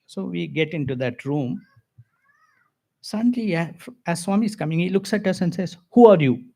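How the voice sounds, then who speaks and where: An older man with an Indian accent, giving a devotional talk full of personal stories, lively with chuckles and asides. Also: high-pitched, moderate pace, gravelly. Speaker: spiritual speaker.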